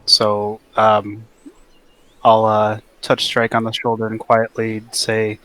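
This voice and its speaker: A man playing a tabletop game who states his character's moves plainly. His voice is lowish and nearly monotone. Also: slow, rough recording. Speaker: player. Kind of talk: casual tabletop game chat.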